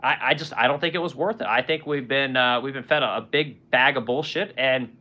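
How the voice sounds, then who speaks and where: A man's voice: mid-range voice, fairly quick, pushed and bright, muffled recording. A man in his forties hosting a livestream, ranting bluntly and profanely with lots of rhetorical questions while reading chat comments. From United States. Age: 40s. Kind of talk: casual political rant.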